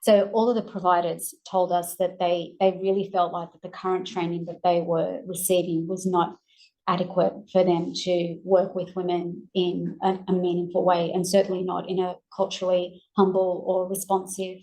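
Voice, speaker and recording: A woman with an Australian accent presenting research findings in a measured way with frequent ums, her voice going hoarse. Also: fairly low pitch, flat delivery, mellow, poor audio. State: losing her voice. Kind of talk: academic presentation.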